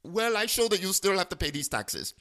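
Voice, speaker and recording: A man imitating a male phone scammer with a heavy accent, speaking stiff, broken English in a higher voice. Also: sing-song, fairly quick, bright, forceful tone, exaggerated voice. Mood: insistent.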